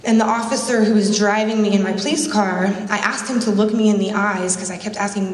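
A woman's voice: medium pitch, steady tone, fairly quick, hardly any pauses. Woman telling a story in an echoey hall. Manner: emotional, storytelling with repeated phrases. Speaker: speaker at a conference. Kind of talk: personal story in a public speech. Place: conference hall. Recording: echoey hall, mic from a distance.

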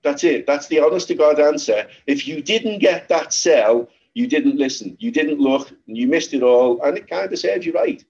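A man's voice: a little high, moderate pace, vocal fry, few pauses. A man with a Liverpool accent hosting a trading webinar, talking informally and repeating himself as he explains charts. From Liverpool, England. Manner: chatty, repetitive, lively storytelling. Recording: slightly dull lo-fi webinar audio.

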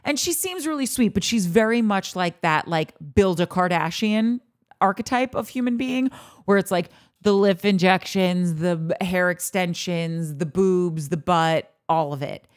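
A woman podcast host, tipsy from beer, rants casually about a TV show. She's animated, sarcastic and profane, her pitch swinging widely, though her delivery runs a little slow.

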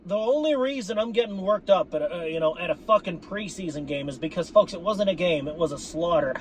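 A man's voice: high-pitched, animated, brisk. A man ranting to his viewers about his football team, swearing often and repeating himself as he talks to them as "folks". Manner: profane, repetitive, addresses viewers as folks. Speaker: sports fan vlogger. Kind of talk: ranting fan commentary.

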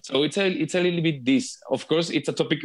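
A man from Spain with a Spanish accent, a flute player speaking as a guest over a video call in casual interview talk, halting and restarting often with repeated words. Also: a little high.

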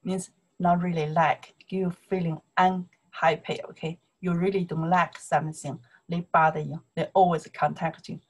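A woman with a Chinese accent and Mandarin as her first language, teaching a casual online lesson. She speaks slowly and repeats "okay?" again and again to check that her students follow. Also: lowish voice, little pitch movement. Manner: slow, repetitive, checks in with "okay?" constantly.

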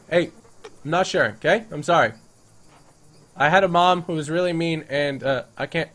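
A man narrating his own gameplay in a joking, casual way, his voice sitting a touch higher than most men's. He gets excitable fast and breaks into loud yelling when things go wrong in the game. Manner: playful, jokey. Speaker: gaming YouTuber. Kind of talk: let's-play commentary.

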